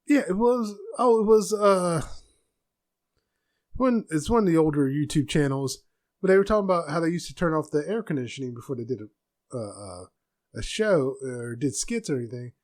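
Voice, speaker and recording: A soft-spoken man hosting a casual solo podcast from a room at home, rambling with restarts. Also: a little high, expressive, normal speed. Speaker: podcast host.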